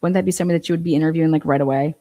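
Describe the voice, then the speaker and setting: A woman's voice: sits low, fairly even intonation, rapid-fire, mellow. A woman giving blunt, profane, incredulous commentary on a true crime livestream.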